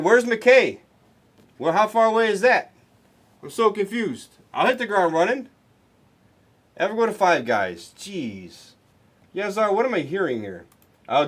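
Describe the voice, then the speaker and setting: His voice is a little high with a fairly bright tone; during a casual livestream card break he addresses chat viewers in a rambling way, restarting often.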